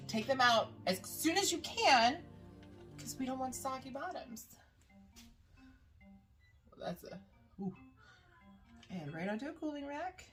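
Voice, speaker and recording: A woman's voice: high-pitched, lively intonation, a little slow, long pauses, fairly bright tone, faint music behind. A woman casually talking through a recipe in her kitchen, chatty and rambling. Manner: chatty, rambling, lots of "uh" and laughs. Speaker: baking vlogger. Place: home kitchen.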